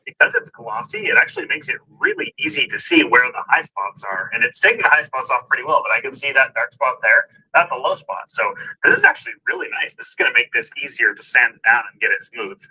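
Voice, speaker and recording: A man's voice: medium pitch, big pitch swings, fairly quick, few pauses, pushed and bright, poor audio. A man walking viewers through a do-it-yourself car job in casual, step-by-step how-to narration. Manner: step-by-step explaining, plain and upbeat. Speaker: DIY car vlogger.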